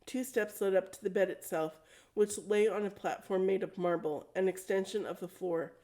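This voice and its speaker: Mellow-voiced woman reading a storybook aloud. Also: mid-range voice, moderate pace. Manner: plain, steady reading with small self-corrections. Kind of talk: storybook read-aloud narration.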